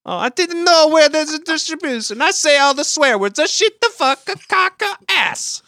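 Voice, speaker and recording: A woman's voice: sits high, lively intonation, normal speed, bright, forceful tone, dry recording, clean studio sound, exaggerated voice. A woman voicing a jealous adult male sidekick brother with a hammy put-on Italian accent, whiny and indignant. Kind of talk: improvised podcast parody.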